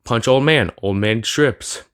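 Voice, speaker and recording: A man voicing a timid, mopey little reindeer boy in a flat, mock-dejected way while retelling a story. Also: medium pitch, slow, smooth.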